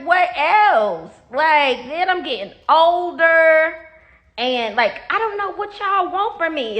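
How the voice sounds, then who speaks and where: A woman's voice: sits high, sharp tone, muffled recording. A woman talking casually straight to her followers, blunt and profane, repeating herself when riled. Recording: echoey room.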